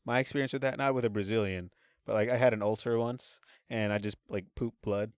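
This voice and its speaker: Fast-talking comedian man, dry sound. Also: on the low side, steady tone, clean tone, no room sound. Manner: rambling storyteller with repeated false starts. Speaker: podcast guest, stand-up comedian. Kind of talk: casual podcast chat.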